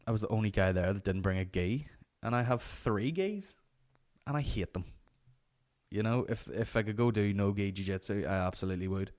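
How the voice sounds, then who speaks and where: Male comedy host with a lowish voice and a sweary, rambling storyteller manner. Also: brisk, a little mellow. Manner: profane, rambling anecdotes. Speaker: podcast host. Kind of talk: comic storytelling.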